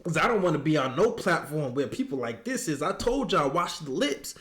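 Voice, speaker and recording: A man giving comedic reaction commentary, mocking and animated, jumping into high squeals of disbelief. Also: fairly quick, few pauses.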